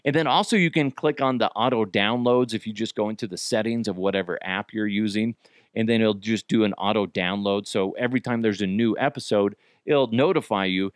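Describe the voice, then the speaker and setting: A man hosting his own podcast alone, venting in a profane, exasperated rant that jumps into sudden yelling. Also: lowish voice, a little fast, dry recording, studio quality. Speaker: podcast host. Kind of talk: solo ranting podcast.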